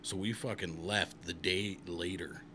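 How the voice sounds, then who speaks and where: Man from Montana, lowish voice, loose profane storyteller, slight background noise. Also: fairly even intonation, a little slow, bright, forceful tone. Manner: rambling, profane, with many uh fillers. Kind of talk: casual storytelling.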